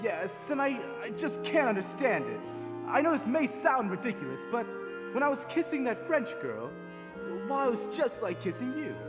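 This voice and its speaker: A man's voice: extremely high pitch, very animated, normal speed. A young man playing an earnest, lovestruck groom who pleads sincerely. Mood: pleading. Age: teens. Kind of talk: stage musical acting. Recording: reverberant auditorium stage with music.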